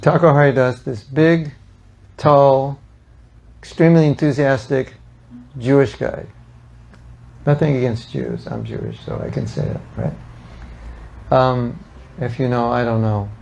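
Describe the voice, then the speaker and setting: An older man telling animated, humorous stories to a devotional gathering, acting out the people he quotes. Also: medium pitch, a little slow, gravelly, pauses often. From United States. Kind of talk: storytelling talk to an audience.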